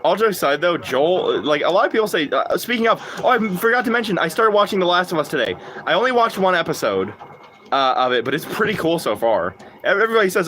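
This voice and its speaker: Young male streamer, very expressive intonation, casual, crude, joking banter with chat. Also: a little high, quick pace, slight background noise. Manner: animated, profane, jokey, riffs off chat. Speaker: livestreamer. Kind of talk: casual gaming livestream chat.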